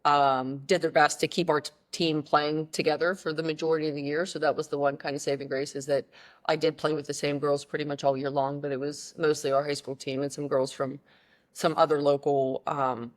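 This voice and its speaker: A woman in her thirties from the Pittsburgh area, a podcast guest telling her story in a casual, animated way with many fillers and restarts. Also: sits low, a little fast.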